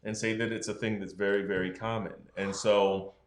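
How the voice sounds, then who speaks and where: A man's voice: on the low side, flat delivery, normal speed, reverberant, slight background noise. A man, a doctor, explaining health matters frankly in a casual podcast conversation. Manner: explanatory, frank, acts out patients' voices.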